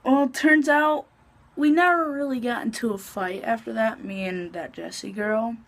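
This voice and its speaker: A woman's voice: a little high, normal speed. A woman vlogger casually telling a personal story, chatty, full of "like" and swearing freely.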